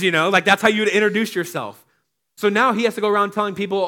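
A young man delivers a relaxed, conversational sermon in a slightly high voice. He reads scripture aloud and breaks into lively little impressions of the people he quotes. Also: fairly quick. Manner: conversational, animated, acts out quotes. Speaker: pastor. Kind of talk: casual sermon.

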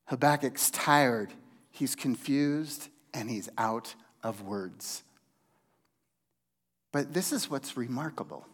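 A man preaching a sermon in a slow, deliberate way, with dramatic pauses and hushed emphasis. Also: medium pitch, expressive. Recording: long hall reverb.

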